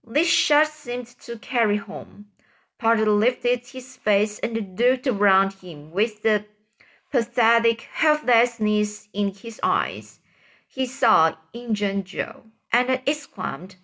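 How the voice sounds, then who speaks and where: A woman's voice: mid-range voice, expressive, slow pace, fairly bright tone. A woman reading a classic novel aloud, stumbling and restarting on hard words. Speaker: reader.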